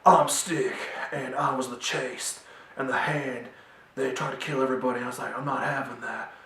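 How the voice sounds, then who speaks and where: A man putting on a quirky Nicolas Cage-style voice for a gruff male mentor, in a roomy space away from the mic. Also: mid-range voice, steady tone, moderate pace, bright, forceful tone, distant mic. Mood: brash. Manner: odd, exaggerated delivery.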